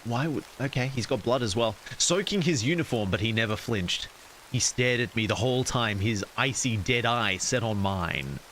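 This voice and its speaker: A man's voice: medium pitch, a bit bright, a little hiss or hum, poor audio. Wisecracking man reading a horror story. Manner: casual, wisecracking asides to chat. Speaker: streamer.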